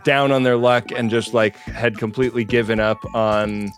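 Man, podcast co-host, middle pitch, rambling banter, casual chat, faint music. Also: steady tone, normal speed.

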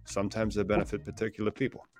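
A man co-hosting a casual podcast chat, reading out news items with quick joking asides. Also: fairly low pitch, completely flat delivery, a little mellow, faint music behind. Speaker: podcast co-host.

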